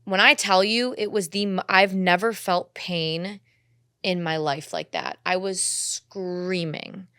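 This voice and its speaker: A woman's voice: fairly low pitch, takes it slowly, bright, forceful tone, clear, resonant tone, no room sound, studio quality. A young woman co-hosting a podcast, telling a personal story in candid casual chat, swearing freely and acting out her own quotes. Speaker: podcast co-host.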